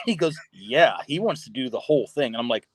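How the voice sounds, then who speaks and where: A man, a guest on a podcast, tells a story in a casual, animated way, laughing often and swearing freely. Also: a little high, moderate pace, noisy background. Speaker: podcast guest, pro wrestler. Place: podcast studio.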